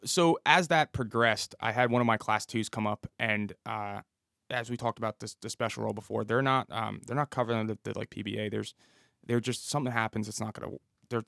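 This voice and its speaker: A man in his thirties tells a story from his work as a police officer, slipping into the voices of the people in it. His voice has a gravelly, creaky edge and is recorded close and dry, with no room sound. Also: fairly low pitch, a little fast, a bit bright, dry recording. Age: 30s. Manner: vivid storyteller who acts out the dialogue. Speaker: police officer, podcast guest. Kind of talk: storytelling interview.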